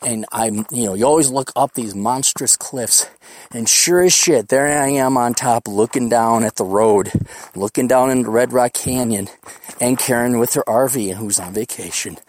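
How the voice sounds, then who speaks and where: A rowdy podcast host rambles outdoors on a hiking trail, swearing freely and cracking jokes as he goes. His voice sits at an ordinary middle pitch for a man, loose and unscripted. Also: moderate pace, darkish tone, no echo. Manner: profane, boisterous, jokey. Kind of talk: casual rambling monologue.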